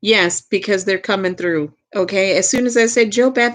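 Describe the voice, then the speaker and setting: A woman with a mid-range voice and a Southern US accent offers a live tarot reading in her role as a medium. She keeps things gentle and slow, echoes her own phrases, and now and then lets out a soft laugh.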